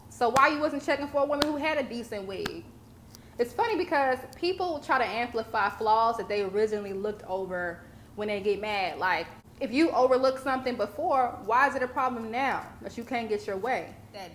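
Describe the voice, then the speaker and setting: A woman's voice: on the high side, lively intonation, moderate pace, a little hiss or hum. A young woman giving blunt, profane commentary in a casual, sassy way. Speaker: vlogger commentator.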